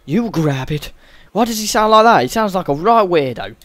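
Sweary gamer, lively pitch. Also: male voice, quick pace, no room sound. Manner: sweary, exasperated running commentary. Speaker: gaming channel host. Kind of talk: let's-play game commentary.

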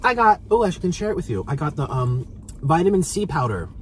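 A gushing, giggly man hosts a casual food chat from a parked car. His pitch bounces around with excitement. He sits somewhat back from the mic, and there is faint noise behind him. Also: fairly quick, recorded from a distance. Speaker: host.

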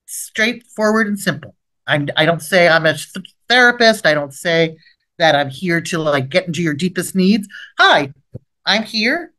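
A middle-aged woman, a trauma expert leading a training webinar, gives an instructional lecture on first aid for the mind. Her voice is fairly low and moves at a normal speed. She's lively throughout and rises sharply whenever she acts out the short, gentle approach lines she role-plays between points.

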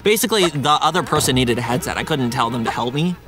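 A man's voice: medium pitch, animated, fast, over music. A young man hosting a casual gaming video, chatting animatedly, quoting people and saying "like" and "bro" a lot. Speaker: let's play host.

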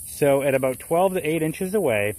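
A man from Florida, a gardening vlogger, talks casually in his garden while explaining a task step by step for a how-to vlog. His voice sits on the high side with a darkish tone, sounding animated at normal speed, and a face mask muffles it.

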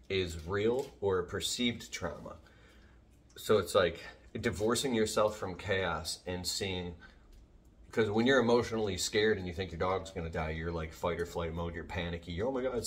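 A man's voice: low-pitched, fairly bright tone. A man vlogging casually about his dog, talking in a rambling way, jumping off topic and restarting sentences, filmed on a phone at home. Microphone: phone camera.

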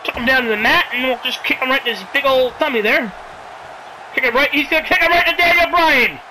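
A game commentator calling a wrestling video game play by play, excitable, sarcastic, yelling at big moves and pleading with the wrestlers. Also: high voice, a little fast, a little hiss or hum, low-quality recording. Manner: sarcastic asides and mild swearing.

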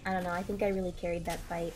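A woman's voice: fairly low pitch, level tone, rapid-fire, noisy background. A woman teammate in a casual gaming chat, playful and teasing. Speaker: squad teammate.

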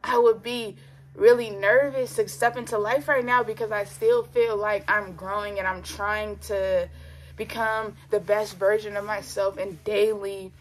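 A woman's voice: medium pitch, steady tone, a little slow. Young woman vlogger, emotional faith testimony, casual and repetitive, near tears, bedroom. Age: young adult. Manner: earnest, repeats phrases, casual slang and fillers. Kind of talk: personal faith testimony vlog. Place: her bedroom.

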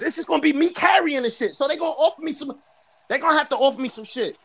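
A man from New York with a New York accent, trash-talking loudly and boastfully as a guest on a livestream call. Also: extremely high pitch, fast talker. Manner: brash, boastful, loud. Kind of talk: heated livestream trash talk.

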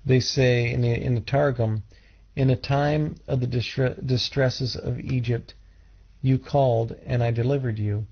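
A man teaching scripture in a measured way, restarting phrases and putting questions to his listeners. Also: medium pitch, fairly even intonation, creaky, husky. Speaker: Bible teacher. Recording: dull lo-fi recording.

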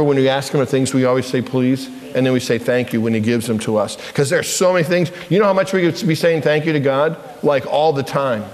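Male pastor with a children's lesson, echoey church. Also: on the high side. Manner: animated, asks children questions. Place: church sanctuary.

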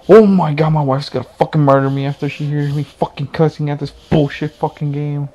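Brief: young man, gravelly, slightly high, furious profane gamer rant. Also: normal speed, hardly any pauses, warm tone, lo-fi sound. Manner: angry profane ranting. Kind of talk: game commentary.

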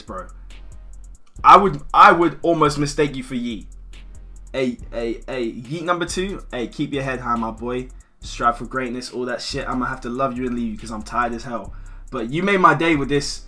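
A young man chatting with strangers on a video chat site. He talks loudly and excitably, swears a lot, and keeps bursting into shouts. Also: mid-range voice, moderate pace, soft background music. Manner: loud, excitable and profane, breaking into shouts and laughter.

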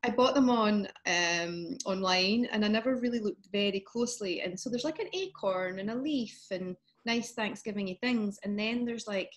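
A woman's voice: mid-range voice, normal speed, hardly any pauses. Scottish woman guest, chatty, laughs a lot, video call. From Scotland. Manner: chatty, laughs often, trails off. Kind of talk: casual chat.

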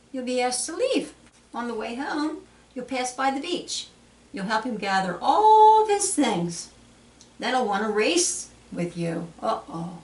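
A woman leads a children's storytime at a library, reading aloud in a sing-song, animated voice that swoops high and low. She takes her time over the words. The sound is roomy and echoey, as if picked up from across the room. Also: a little hiss or hum. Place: public library. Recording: echoey room, mic at a distance.

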